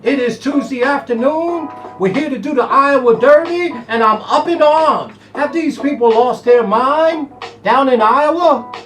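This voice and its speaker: Speaking at a measured pace in an extremely high pitch, a man hosts a horse racing preview show from a studio. His monologue is fired up and folksy, and he keeps telling himself to simmer down while soft jazz plays behind him.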